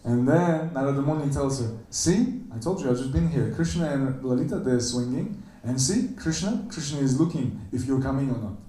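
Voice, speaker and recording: A man giving a temple lecture, animatedly telling a story and acting out the characters' quoted lines in a higher voice. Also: a little fast, few pauses, warm tone. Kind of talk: storytelling sermon. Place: temple hall. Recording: echoey room, voice from a distance.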